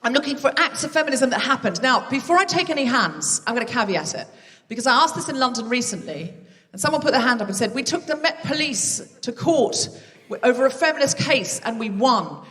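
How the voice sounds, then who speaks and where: A woman's voice: sits high, expressive, a little fast, few pauses, pushed and bright, long reverb tail, recorded from a distance. A woman hosting a live comedy podcast on a theatre stage, chatty and self-mocking as she banters with the audience. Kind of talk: live stand-up hosting with crowd work. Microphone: stage microphone.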